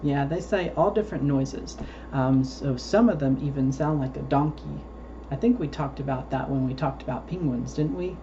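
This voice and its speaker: A man's voice: medium pitch, moderate pace, mellow, lo-fi sound, a little hiss or hum. A man hosting a children's storytime, reading picture books aloud and patiently explaining words for small children. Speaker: storytime host reading to preschoolers.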